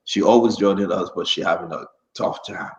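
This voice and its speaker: A man's voice: low-pitched, fairly quick, a little mellow, reverberant, a little hiss or hum, poor audio. A man hosting a live talk show and greeting viewers by name, stumbling over hard names as he reads them out. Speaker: show host and preacher. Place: New Jersey area.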